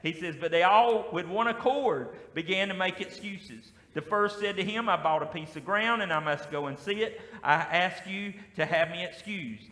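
A man with a Southern US accent preaches from a church pulpit, his voice high and bright. He leads the congregation in call-and-response. The sound rings with a long, echoing reverb. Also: normal speed, few pauses. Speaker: pastor. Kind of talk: sermon. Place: church sanctuary. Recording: echoey hall with long reverb.

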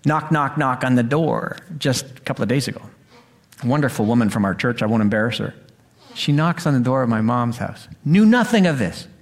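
A middle-aged man preaching a sermon in a church, acting out the quoted voices and swinging between loud lines and hushed ones. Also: medium pitch, animated, brisk. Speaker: pastor. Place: church sanctuary.

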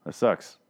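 Profane, rambling man recapping a show. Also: a little mellow. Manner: profane, rambling, sarcastic, with frequent restarts. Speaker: TV show reviewer. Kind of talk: casual solo recap rant.

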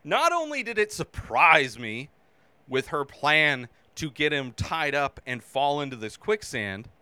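A man hosting a movie review show in a bright, smooth, fairly high voice. He talks at an unhurried pace but swings widely in pitch, bursting into shouts as he acts out his own reactions. The sound is dry and close. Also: very animated, dry recording. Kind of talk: casual spoken movie review.

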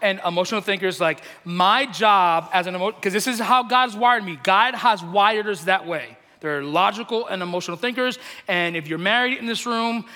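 Brief: emotional male preacher, bright and forceful, loose and chatty, in a church hall. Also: high voice, moderate pace, few pauses. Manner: chatty, self-deprecating, laughs often; emotional, gets loud. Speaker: pastor. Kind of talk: sermon. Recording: long hall reverb.

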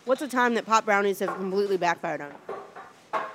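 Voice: mid-range voice, moderate pace, background noise. A host running a casual interview with short prompting questions, sharing a few stories of their own.

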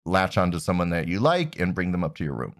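A man co-hosting a podcast in casual chat, calm and matter-of-fact. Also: deep voice, fast, no room sound, clean studio sound. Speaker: podcast co-host.

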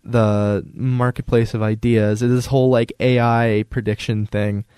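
A young man hosting a casual podcast chat, telling stories with lively acted-out quotes. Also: mid-range voice, measured pace, clear, resonant tone, no room sound, studio quality. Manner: animated storyteller, acts out quotes in raised voice. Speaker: podcast host.

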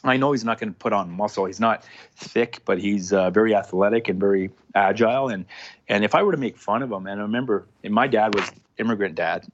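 A former hockey player in his thirties talks casually as a podcast guest, rambling with lots of restarts and fillers. His voice is on the low side and his pace brisk. The interview audio is dull and lo-fi, with faint noise underneath.

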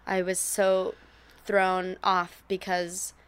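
A woman telling shared memories in a casual, animated way, laughing often and swearing now and then, close to a podcast microphone. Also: lowish voice, very slow, clean tone. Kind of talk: casual chat.

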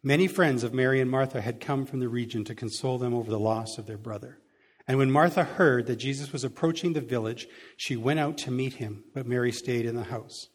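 A man's voice: medium pitch, fairly quick, slightly rough. A man preaching a sermon, reading a Bible passage and adding casual, chuckling asides. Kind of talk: sermon reading scripture with commentary.

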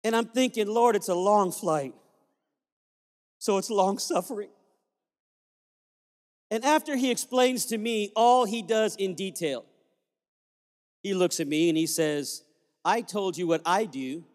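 High voiced preacher guy telling a story, echo of a big church hall. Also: unhurried, long pauses. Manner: animated storyteller acting out dialogue. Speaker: pastor. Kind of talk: sermon storytelling.

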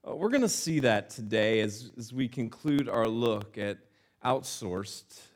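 Pastor guy telling a goofy story in his sermon, animated, pitch all over the place. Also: a little slow. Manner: animated, self-deprecating, acts out quotes. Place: church.

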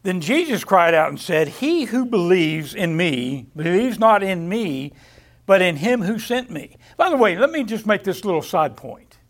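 A man's voice: high-pitched, very animated. A man teaching a Bible lesson, reading verses aloud and often restarting his phrases. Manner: halting, repeats words, reads scripture aloud. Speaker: preacher. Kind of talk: Bible study sermon.

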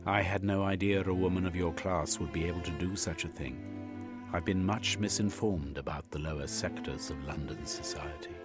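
A man voicing a prim, naive young gentleman who speaks in formal, proper phrasing. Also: deep voice, moderate pace, loud music behind the voice, lightly acted. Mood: apologetic.

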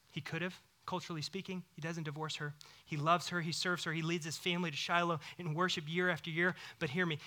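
Guy pastor preaching, high voice, super bright and forceful, gets loud then drops to a whisper. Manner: animated, swings between loud bursts and hushed whispers. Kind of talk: sermon.

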